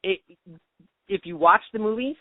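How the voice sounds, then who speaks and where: A relaxed man co-hosting a casual podcast, his voice a touch high. He talks in an easygoing way with frequent laughs. The audio is narrow and phone-like, and the room is dry. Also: normal speed, no echo. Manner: easygoing, laughs often, many fillers. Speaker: podcast co-host, high school teacher. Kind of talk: casual chat. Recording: tinny phone-like sound, dry.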